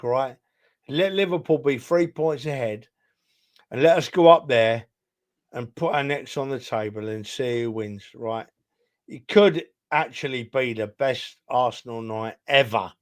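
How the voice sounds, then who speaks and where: A man co-hosting a casual football chat, rambling and emphatic, a little tipsy from drinking. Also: mid-range voice. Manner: rambling, emphatic, keeps calling the other host son. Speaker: podcast co-host.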